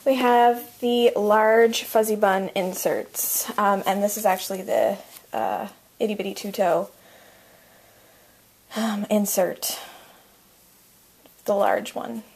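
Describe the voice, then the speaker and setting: A woman's voice: mid-range voice, lively intonation, takes it slowly, creaky, long pauses, darkish tone, husky. A young woman giving a casual vlog tour of a home nursery, out of breath and chatty, full of ums and likes, trailing off as she moves around. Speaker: vlogger.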